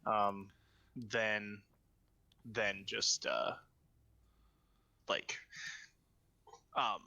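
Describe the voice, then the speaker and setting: A man's voice: on the low side, steady tone, extremely slow, vocal fry, sharp tone. A man in his twenties co-hosting a casual podcast, cracking dry jokes and searching for words when he explains. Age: 20s. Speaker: podcast co-host. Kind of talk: casual chat.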